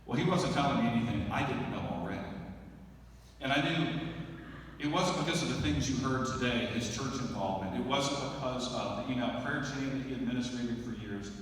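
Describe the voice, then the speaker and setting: A middle-aged man delivering a eulogy for his father, speaking slowly and reflectively with long pauses. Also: mid-range voice, recorded from a distance. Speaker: son giving a eulogy. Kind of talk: eulogy speech. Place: large church sanctuary. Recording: echoey church hall, heard from afar.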